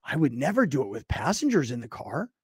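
A man's voice: a little fast, slightly rough, dry recording, studio quality. A man hosting a sports talk show, chatting casually, reading a sponsor spot and telling a story with rising indignation. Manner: animated storyteller, gets louder and higher when indignant. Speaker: sports talk radio host. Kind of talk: casual sports chat and live ad read.

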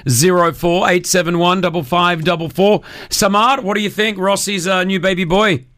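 A man's voice: sits high, steady tone, normal speed, a bit bright, no room sound, clean studio sound. A man hosting radio, joking and teasing his co-hosts in casual banter. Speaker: radio host.

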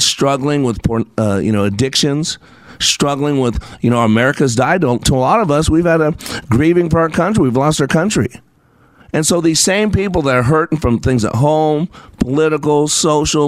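A man's voice: mid-range voice, no echo. A middle-aged man hosting a motivational talk radio show, emphatic and preachy, piling up lists as he builds his points. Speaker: radio show host and leadership coach.

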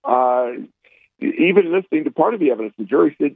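A man's voice: mid-range voice, expressive, fairly quick, dry recording. A man calling in over a tinny, narrow phone line, his voice dry and close with no room around it. He talks in a combative, scornful way, stumbling through fillers and restarts. This is political commentary on a call-in show. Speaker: political contributor.

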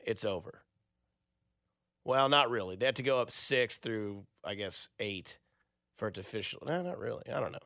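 A man's voice: mid-range voice, a bit bright, no echo. A man hosting a casual late-night sports radio show from a studio, talking in a rambling, conversational way and correcting himself as he goes.

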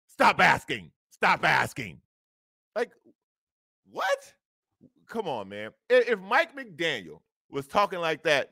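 A man co-hosting a sports talk show, ranting and mocking in loose slang with loud outbursts. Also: sits high, dry recording, clean studio sound.

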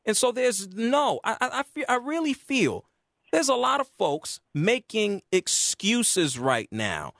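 A man's voice: slow, no echo, clean studio sound. A man hosting a sports talk radio show, arguing his point with emphasis. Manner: emphatic, argumentative, lively pitch swings.

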